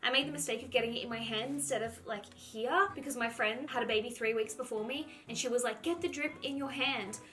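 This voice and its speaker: A young woman with a lilt, her voice sitting a touch higher than most, chats to her viewers in an easy storytelling vlog. She scatters "like" through every sentence and slips into quoting herself as she goes. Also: a little fast, hardly any pauses, pushed and bright. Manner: chatty, heavy use of "like", acts out her own past lines. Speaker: vlogger. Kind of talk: casual storytelling to camera.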